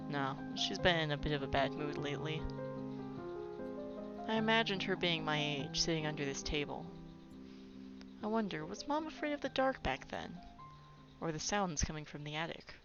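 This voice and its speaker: Low, gravelly woman reading a game aloud. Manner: playful, chatty, wanders off on asides. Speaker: let's play gamer. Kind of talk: reading game text aloud with casual commentary. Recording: dull recording with game music.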